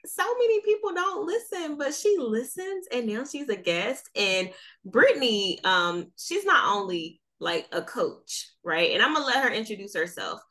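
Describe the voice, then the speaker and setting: Woman, Southern US accent, podcast host, chatty, upbeat, lively pitch. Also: moderate pace. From North Carolina. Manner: chatty and upbeat, laughs often. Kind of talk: casual interview chat.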